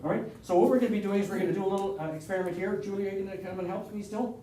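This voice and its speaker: A man with a Canadian accent talks his audience through a hands-on presentation, rambling and joking as he goes. His voice sits a little on the high side. He is picked up from a distance in a reverberant meeting room with a faint hiss underneath. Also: fairly even intonation, rapid-fire, dark tone. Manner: chatty, rambling, with frequent restarts and joking asides. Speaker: presenter at an astronomy club meeting.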